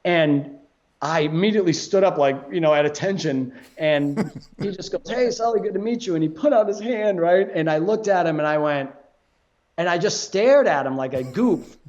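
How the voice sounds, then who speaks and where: A man, a guest on a podcast, telling a story in a casual, animated way, swearing and laughing as he goes. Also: on the high side, moderate pace, lo-fi sound.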